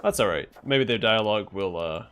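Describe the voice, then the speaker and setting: A man's voice: on the low side, animated, brisk, fairly bright tone, clean tone. A man streaming a role-playing game, thinking aloud in casual commentary as he plays. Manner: musing, thinking aloud with fillers.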